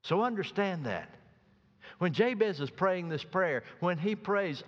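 A pastor preaching a sermon, swinging from soft, slow passages to loud, emphatic ones. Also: male voice, high-pitched, expressive. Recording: dull sound with long reverb.

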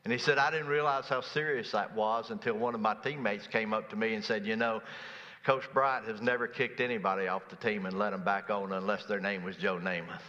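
Male pastor, storytelling sermon, bright forceful tone, long church reverb, slightly dull sound. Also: fairly even intonation, a little fast. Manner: storytelling, drops low and quiet for quoted lines.

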